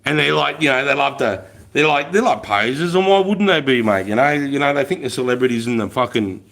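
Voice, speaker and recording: This middle-aged Australian army veteran has a gravelly, fairly bright, medium-pitched voice that is expressive and fairly quick. Hosting a livestream, he spins war stories casually, swearing frequently and laughing.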